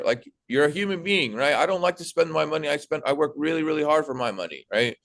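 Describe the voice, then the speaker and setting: A young man giving casual sales coaching, animated, acting out sales calls in a bright put-on voice. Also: a little high, brisk, gravelly. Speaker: sales trainer.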